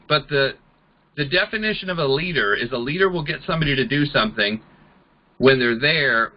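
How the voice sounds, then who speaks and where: A man giving a network marketing training talk, an animated storyteller who acts out the people he quotes. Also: a little high, lo-fi sound.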